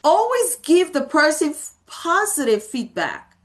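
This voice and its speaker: In a realtor training talk, a woman in her thirties speaks in a high, sing-song, unhurried voice. She tells stories from her work with emphasis, repeating key words, in a motivational style built around anecdotes.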